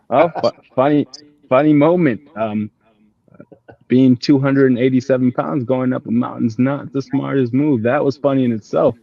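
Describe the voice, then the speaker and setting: A man's voice: medium pitch, normal speed, vocal fry, no room sound, lo-fi sound. A man casually telling a funny story from a group climb, laughing as he retells it. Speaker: climb team member.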